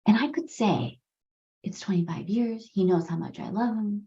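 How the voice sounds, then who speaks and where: A podcast host in her forties shares a personal story candidly and earnestly, swearing casually along the way. Her mellow voice is medium-pitched at a normal speed, and the recording sounds slightly dull and roomy.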